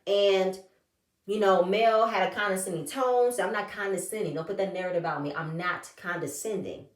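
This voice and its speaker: A woman giving a sassy, animated recap of a reality show and acting out what the cast said. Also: medium pitch, brisk, distant mic. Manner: animated, sassy, acts out the cast's quotes. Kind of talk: casual recap chat. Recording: echoey room, a bit off-mic.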